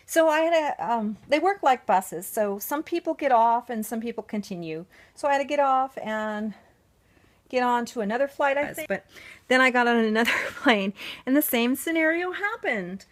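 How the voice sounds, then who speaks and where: Lively, chatty woman vlogger. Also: on the high side, moderate pace. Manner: chatty, laughs often, soft cooing asides while dressing a doll. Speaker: doll collector vlogger. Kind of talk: casual storytelling to camera.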